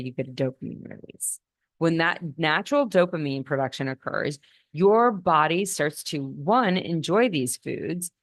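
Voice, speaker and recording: A woman physician hosting a podcast, explaining nutrition in a measured, teaching manner with some restarts. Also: low voice, dry recording, clean studio sound. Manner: explanatory, with frequent restarts and slow emphasis. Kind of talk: educational talk on nutrition.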